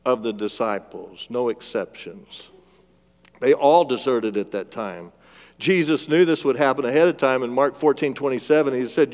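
Pastor preaching in a reverberant church. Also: male voice, medium pitch, lively intonation. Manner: swings between loud emphasis and hushed, drawn-out phrases; asks the congregation for responses. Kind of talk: sermon. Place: church sanctuary. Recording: long reverb of a large church hall.

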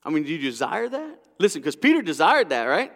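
A middle-aged man preaching a sermon as a pastor, an animated storyteller whose lively delivery drops to hushed intensity. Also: fairly high pitch, a little fast, vocal fry. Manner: animated storyteller, acting out voices. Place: large church hall. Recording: long hall reverb.

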